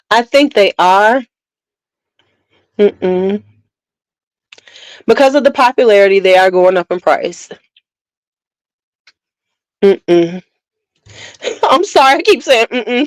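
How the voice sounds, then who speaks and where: A woman talking slowly and easily as she reviews a fragrance for her livestream viewers, chatting to them directly. Her voice sits at a middle pitch and sounds close and dry, with no room echo. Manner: unhurried, chatty, talks straight to viewers. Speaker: beauty content creator.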